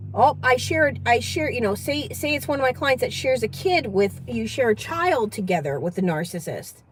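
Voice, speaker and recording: Brief: New woman hosting an advice vlog, animated and fairly high, emphatic and repetitive. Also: rough recording. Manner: chatty, emphatic, repeats herself. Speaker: channel host giving advice.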